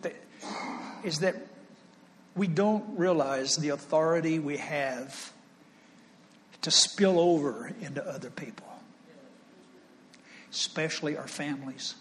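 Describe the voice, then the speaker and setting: A man preaching a sermon, telling a personal story in an animated, folksy way with chuckles. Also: on the high side, a little hiss or hum. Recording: long reverb, faint ambience.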